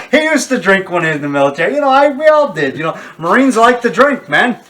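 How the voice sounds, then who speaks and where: A man's voice: sits high, sing-song, moderate pace, fairly bright tone, far from the mic, slight background noise. An older man, a horror filmmaker, talking casually in a rambling, digressive way with many restarts and asides.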